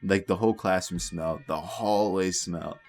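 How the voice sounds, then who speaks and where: A man's voice: low-pitched, moderate pace, a little mellow, soft background music. A young man telling a storytime tale in a casual, rambling way, swearing and laughing as he goes. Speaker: storytime vlogger.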